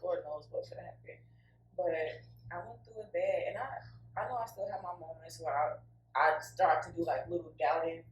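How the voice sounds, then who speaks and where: A woman co-hosting a podcast, telling her own story in a candid, emotional, informal way with lots of fillers. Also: fairly low pitch. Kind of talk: casual heartfelt podcast chat. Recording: echoey room, mic at a distance, faint hum.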